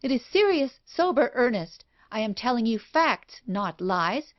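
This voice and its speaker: A woman reading an audiobook, voicing a frantic, guilty woman accomplice in a shrill voice on a dull, lo-fi recording. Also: big pitch swings, unhurried.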